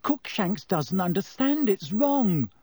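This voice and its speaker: A brainy, impatient schoolgirl, put on by a man, explains things in a precise, lecturing way. Her voice sits noticeably higher than the reader's own and lilts up and down. The sound is close and dry. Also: sing-song, slow, a little mellow, dry recording, heavily acted. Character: earnest, bossy schoolgirl, logical and impatient. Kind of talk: audiobook character voice.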